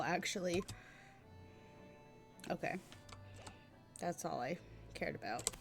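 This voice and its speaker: A woman streamer chatting casually over a game, with excitable, gushing asides. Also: on the low side, measured pace, long pauses, soft background music.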